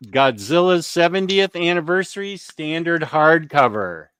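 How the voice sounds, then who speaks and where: A man's voice: fairly high pitch, very animated, unhurried, a bit bright, clear, resonant tone, no room sound, clean studio sound. A man hosting a live comic book stream, chatting casually and joking while he browses new releases. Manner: chatty, jokey, thinking aloud while browsing. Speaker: comic book show host.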